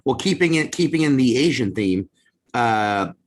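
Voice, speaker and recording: A man appearing as a comedian guest on a podcast, talking in an animated way with frequent restarts. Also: mid-range voice, moderate pace, a little hiss or hum. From US South. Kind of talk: casual chat.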